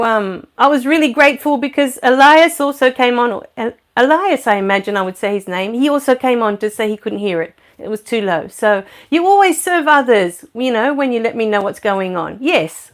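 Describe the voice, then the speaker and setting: Aussie lady, middle-aged, chatty spiritual host on a live stream, kinda high voice, talking into a desk mic at home. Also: lively intonation. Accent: Australian. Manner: chatty and laughing with viewers; slow soothing meditation guidance. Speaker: spiritual teacher hosting a livestream. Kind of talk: livestream talk and guided meditation. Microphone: new USB microphone at a computer.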